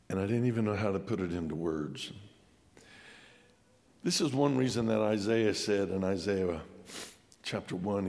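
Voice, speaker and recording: A man preaching a sermon, telling a childhood story in a folksy, halting way and going quiet at the tender parts. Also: fairly low pitch, long reverb tail. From Colorado, USA. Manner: folksy, halting storyteller who drops to a hush at emotional points.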